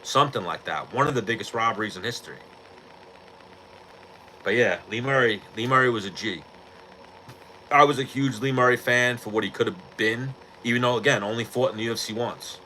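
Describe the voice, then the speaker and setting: A man's voice: medium pitch, a little fast, sharp tone, a little hiss or hum, poor audio. A man hosting a podcast in casual chat, talking bluntly with lots of swearing and rambling asides. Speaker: podcast host.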